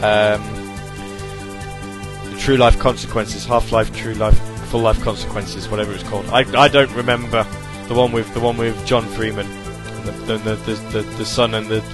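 A man's voice: lowish voice, flat delivery, moderate pace, music in the background. A man hosting an online radio stream and podcast, talking casually in a rambling, self-interrupting way. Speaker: podcast host.

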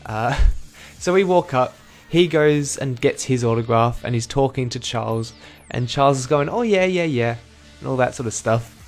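A man's voice: mid-range voice, moderate pace, few pauses, soft background music. A young man, rambling through a casual vlog recap and correcting himself with dry asides. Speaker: vlogger.

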